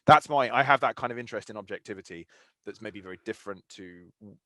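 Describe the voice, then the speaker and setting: A man's voice: on the low side, fast talker, fairly bright tone, no room sound. A man hosting a podcast interview, talking in a thoughtful, analytical way with frequent restarts. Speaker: podcast host. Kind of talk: casual conversational interview.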